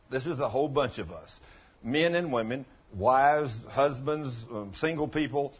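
A man's voice: medium pitch, lively intonation, measured pace, slightly rough, lo-fi sound. A man preaching a sermon as pastor, telling folksy stories and putting questions to the congregation.

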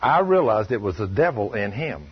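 A man preaching a sermon, telling personal stories in a stern, emphatic way, often dropping to a low, soft tone. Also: very animated, normal speed, breathy edge, lo-fi sound. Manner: stern, emphatic storytelling, shifting loud and soft.

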